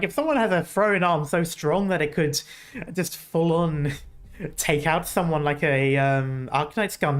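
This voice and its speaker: A woman gaming streamer giving casual reaction commentary, laughing a lot and swearing in rambling asides. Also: low-pitched.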